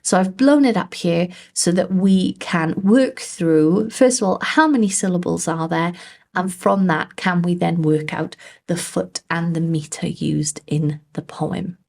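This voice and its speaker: Patient British woman tutor, unhurried, with a gravelly edge to the voice. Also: lowish voice, a little mellow. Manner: patient, repeats lines slowly to show stress. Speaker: English teacher. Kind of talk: screen-share poetry lesson.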